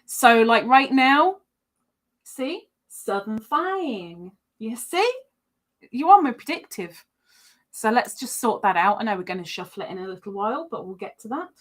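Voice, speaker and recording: A woman's voice: fairly high pitch, lively intonation, normal speed. A woman hosting a livestream, chatting casually and reading out viewer comments in a rambling way. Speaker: livestream host.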